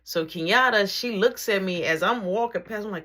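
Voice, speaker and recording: A woman telling a personal story in a casual, slangy way, with animated bursts and drops to near whispers. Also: medium pitch, a little fast, few pauses.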